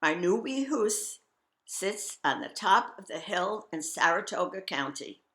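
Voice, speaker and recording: A woman's voice: mid-range voice, sing-song, measured pace, fairly bright tone, roomy sound. An older woman from Scotland reading her personal memoir aloud, reflective with wry humor. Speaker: memoir reader.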